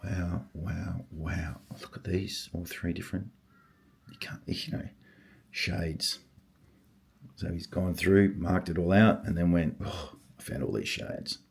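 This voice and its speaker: An older man who collects stamps, talking casually and husky-voiced, murmuring and exclaiming to himself as he sorts. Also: deep voice, little pitch movement, slow, darkish tone, slight background noise. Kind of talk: casual vlog, thinking aloud while sorting.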